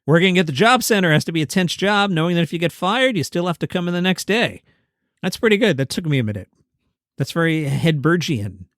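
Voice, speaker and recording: A man's voice: a little high, animated, brisk, a bit bright, no room sound. A man hosting a comedy news podcast in casual commentary, wry and sarcastic as he reads jokes aloud from a home studio.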